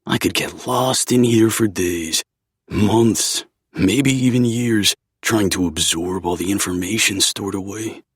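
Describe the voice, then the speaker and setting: A man narrating a first-person audiobook in a brooding, measured way. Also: lowish voice, breathy edge, dry recording, clean studio sound.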